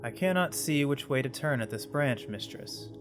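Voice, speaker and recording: A man's voice: mid-range voice, lively intonation, moderate pace, music in the background, lightly acted. Six, a man voicing a formal robot servant. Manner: courtly, addresses listener as mistress, half-attempted accent. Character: polite formal robot servant, male-voiced. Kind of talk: reading game dialogue aloud.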